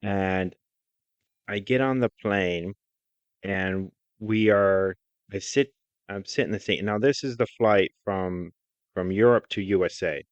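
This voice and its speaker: A man with a low voice co-hosts a podcast and tells stories in loose, casual chat. He is blunt and wry, with offhand swearing. The recording is dry and a little dull, with no room echo. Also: measured pace, smooth. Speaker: podcast co-host. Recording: dry, slightly dull sound.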